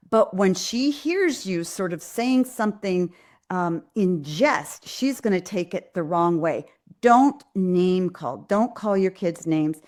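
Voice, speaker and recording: A woman's voice: on the low side, a little mellow. A middle-aged woman hosting a live parenting Q&A, talking earnestly and directly to parents and acting out what parents and kids say. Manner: earnest, direct, acts out parents' and kids' lines in quotes. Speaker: pediatrician and parenting host. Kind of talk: live Q&A parenting advice talk.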